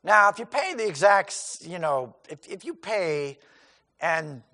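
Folksy high-voiced male preacher. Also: sing-song, a little slow, bright, forceful tone, in a large hall. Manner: conversational, acts out scenes with quoted voices; folksy asides with many "you know"s. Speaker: pastor. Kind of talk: sermon.

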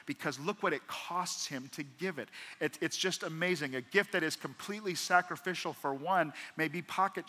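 A man delivers a sermon in a fairly high, bright, ringing voice. He drops to near whispers and then rises to emphatic pleas as he acts out prayers. The sound carries a long reverb from a large church hall. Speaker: pastor. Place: church auditorium.

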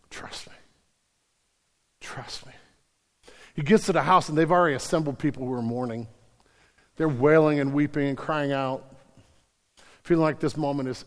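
A man preaching a sermon in a church sanctuary, his slightly high voice ringing with a long hall reverb. He drops to near-whispers, then builds to loud, emphatic declarations, often repeating words as he stresses a point. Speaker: pastor.

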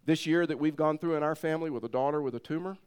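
A middle-aged man preaching, telling a personal story in an animated way and laughing as he goes. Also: a little high, rapid-fire, clear, resonant tone. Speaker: pastor. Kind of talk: sermon storytelling.

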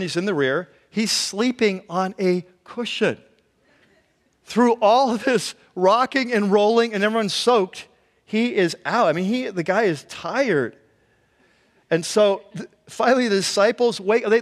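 A man preaching a conversational sermon as a pastor, telling the story in an animated way and acting out the quotes. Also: sits high. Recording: long hall reverb.

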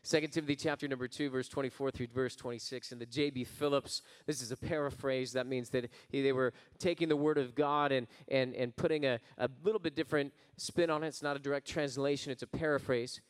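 A man preaching a sermon. He swells into emphatic lines, drops to quiet asides, and tells a folksy story. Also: mid-range voice, fairly even intonation, a little fast, hardly any pauses, clean tone, long reverb tail. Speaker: pastor.

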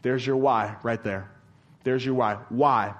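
A male pastor preaching a sermon, asking rhetorical questions again and again and dropping to a quiet, slow voice for emphasis. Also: medium pitch, fairly even intonation, dull audio.

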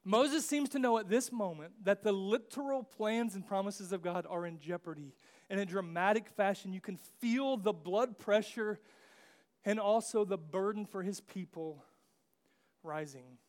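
High-voiced preacher with a jokey delivery. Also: male voice, a little slow. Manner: jokey, acts out biblical figures in slang asides. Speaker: pastor. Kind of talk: casual conversational sermon.

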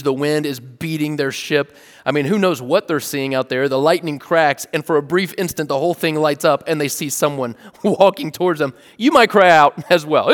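A man's voice: on the high side, smooth. A male pastor preaching at an evening service, reading scripture and explaining it in plain, conversational words. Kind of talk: sermon. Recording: long hall reverb.

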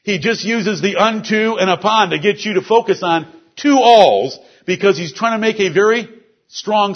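A man's voice: high voice, slightly rough, dull audio. A male pastor preaching an expository sermon at a church service, explaining scripture word by word.

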